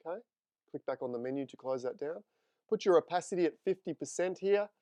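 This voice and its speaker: Upbeat male photo tutor, crisp clear voice. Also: fairly high pitch, expressive, fast talker, dark tone, no room sound. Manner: friendly, chatty, talks to live viewers. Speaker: photography instructor. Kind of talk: live screen-share tutorial.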